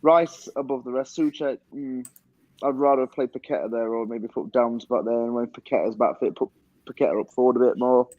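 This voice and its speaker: A man's voice: mid-range voice, brisk, no room sound. A man on a panel, giving frank, opinionated takes in a casual football discussion. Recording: dry, dull lo-fi sound.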